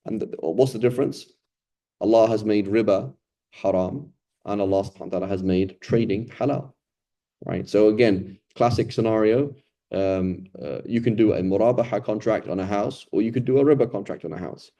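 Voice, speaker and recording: A man with a low, mellow voice teaching a relaxed Quran lesson. He talks conversationally and keeps asking "right?" to check in with his listeners. Now and then he acts out the people he describes. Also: fairly quick. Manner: conversational, often ends points with "right?"; acts out quoted complainers and beggars. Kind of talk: casual explanatory Quran lesson.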